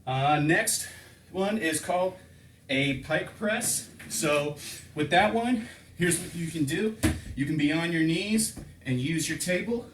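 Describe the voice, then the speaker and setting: Fitness coach counting reps in echoey room. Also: male voice, a little high, expressive, slow pace, a bit bright, a little hiss or hum. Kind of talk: home workout instruction. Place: home room with table and couch. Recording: echoey room, distant mic.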